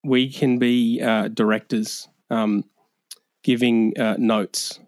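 Australian male guest, easygoing and laughing, mid pitch, dry sound. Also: flat delivery, slow, dry recording. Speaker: podcast guest. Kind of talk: casual podcast chat.

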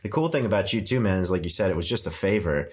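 A man's voice: low-pitched, lively intonation, fast. A man in his twenties hosting a casual chat as a filmmaker, laid-back, saying "man" and "like" a lot and swearing casually.

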